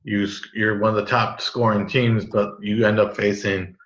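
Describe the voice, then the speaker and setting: A man chatting casually about fantasy football, laid back and quick to agree. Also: on the low side, little pitch movement, fairly bright tone. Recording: roomy, dull lo-fi sound.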